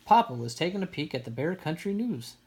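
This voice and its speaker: A woman reading a children's picture book aloud in an even storytelling manner. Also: deep voice, fairly quick, slightly rough. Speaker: storybook reader.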